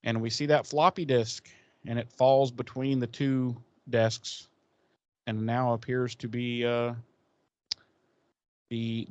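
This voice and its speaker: A man's voice: medium pitch, dry recording. A man co-hosting a podcast, giving a casual recap in a blunt, profane, sarcastic way. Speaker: podcast co-host.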